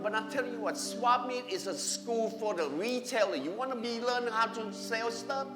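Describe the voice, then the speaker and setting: A man giving a personal testimony at church, animated and acting out conversations, speaking English with non-native grammar. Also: extremely high pitch, normal speed, hardly any pauses. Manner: animated, acts out dialogue with his wife. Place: church hall. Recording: echoey hall with music behind.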